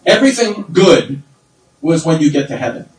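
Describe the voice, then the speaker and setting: Middle-aged male pastor, high-pitched, fervent preaching style, echoey hall, distant mic. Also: big pitch swings, moderate pace. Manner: fervent preaching, swinging from low asides to loud high exclamations. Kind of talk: sermon. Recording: roomy sound from far off.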